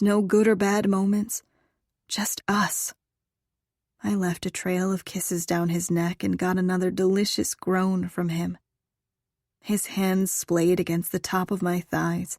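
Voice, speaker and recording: A woman narrating a first-person audiobook in an unhurried, intimate way. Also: on the low side, vocal fry, mellow, dry recording, studio quality.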